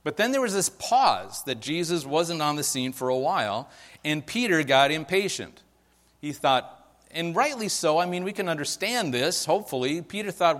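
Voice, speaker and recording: A man preaching a casual, conversational sermon, telling a story with lively acted-out quotes and frequent "right?" asides. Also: a little high, moderate pace. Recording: long hall reverb.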